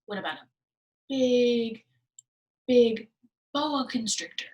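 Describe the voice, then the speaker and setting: A woman leading a library program for small children, talking in a slow, sing-song way and often dropping to soft whispers. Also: fairly high pitch, lively intonation. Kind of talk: teaching preschoolers. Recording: voice a bit distant from the mic.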